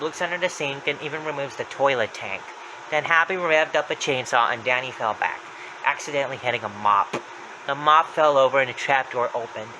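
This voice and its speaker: A man's voice: mid-range voice, noisy background. A young man retelling a creepy story in a plain, running recap with small slips. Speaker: narrator.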